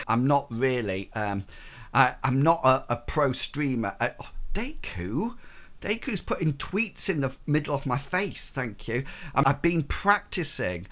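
A man's voice: medium pitch, animated, measured pace, fairly bright tone. A man from the UK chatting playfully to viewers while streaming a game, joking and poking fun at himself. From United Kingdom. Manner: playful, self-mocking, chatty. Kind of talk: casual game stream chat.

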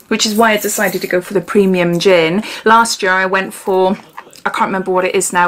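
A woman's voice: on the high side, a bit bright. A woman chatting casually as she unboxes and sniffs gins, giggling often and dropping into whispers. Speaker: beauty vlogger.

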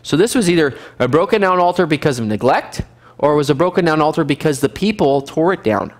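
A man teaching a casual Bible survey class as pastor, lively and animated, acting out scenes now and then. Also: fast talker. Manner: lively, animated, acts out scenes with sudden high shouts and laughs. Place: church fellowship room.

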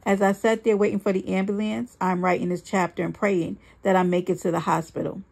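A woman reads a dramatic first-person story aloud in a husky voice with plenty of creak. Her delivery is earnest and emphatic, and she slows down to give weight to key lines. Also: medium pitch, flat delivery, darkish tone. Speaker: reader.

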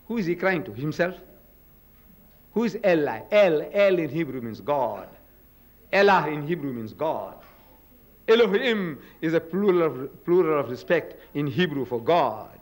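An older man giving a religious lecture at a podium in a hall, dramatic, with booming quotes and rhetorical questions. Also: animated, unhurried.

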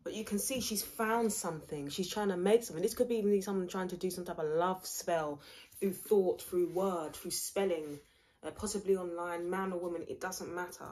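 A woman's voice: lowish voice, moderate pace, a little mellow. Blunt rambling woman reading tarot. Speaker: tarot reader. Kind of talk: casual tarot reading vlog.

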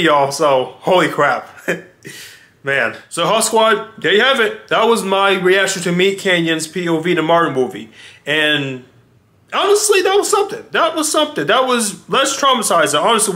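A man in his twenties hosting a reaction video, excitable and slangy, often exclaiming and calling his viewers y'all. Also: a little high. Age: 20s. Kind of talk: casual reaction commentary.

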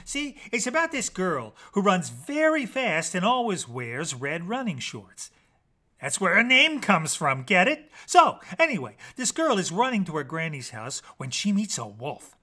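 A man's voice: high voice, huge pitch swings, a little slow, pushed and bright, exaggerated voice. A man voicing an eager, boastful male storyteller character who rambles on, hyping up his own tale. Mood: excited. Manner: eager, rambling, breathless hype.

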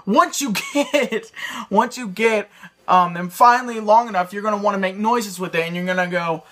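A man's voice: sits high, fairly even intonation, a little fast, fairly bright tone. A man giving a rambling, joking beatbox tutorial with lots of fillers. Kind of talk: casual tutorial.

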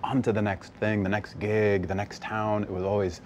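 A man from the West Coast, a stage actor, chatting as a guest in an easygoing, animated way, laughing often. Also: on the low side, normal speed, slight background noise. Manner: animated, laughs often, slips into character voices briefly. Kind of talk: casual interview chat. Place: bar set.

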